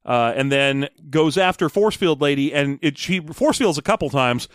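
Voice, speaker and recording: Wry man with a slightly high voice. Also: moderate pace, no echo, studio quality. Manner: wry, throws in deadpan asides and laughs. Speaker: podcast co-host. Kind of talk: casual chat recapping a story.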